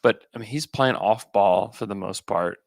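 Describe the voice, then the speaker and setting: A lower-pitched man with a gravelly, bright edge to his voice chats casually about basketball as a podcast co-host. He thinks aloud with plenty of fillers and restarts. The sound is dry and close, with no room around it. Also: moderate pace, no room sound.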